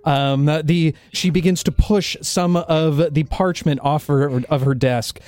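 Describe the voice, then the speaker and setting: A man narrating a tabletop role-playing game as dungeon master, describing scenes slowly with small hesitations. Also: fairly high pitch, fairly even intonation, darkish tone, clean tone, no room sound.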